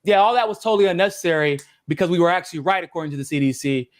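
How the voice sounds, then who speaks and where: A young man co-hosting a casual podcast chat, animated and swearing freely. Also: a little high, very fast. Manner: animated, swears freely, acts out others' voices. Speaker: podcast co-host.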